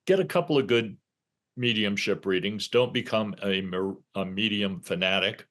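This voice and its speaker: Earnest low-voiced male podcast host. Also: normal speed, fairly bright tone. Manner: earnest, giving advice to listeners. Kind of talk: casual chat.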